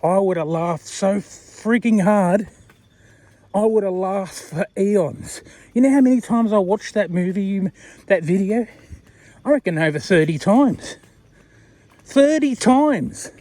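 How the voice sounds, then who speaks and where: A man's voice: high voice, unhurried, dark tone, dry recording. A man talking to camera in a rambling, chatty way while walking down a street at night, laughing often. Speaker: vlogger. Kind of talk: casual walking vlog.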